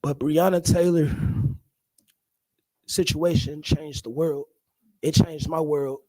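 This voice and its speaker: A man in his thirties, an activist, giving an emotional public speech, halting and full of hesitations. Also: fairly high pitch, steady tone, warm tone, dry recording, poor audio.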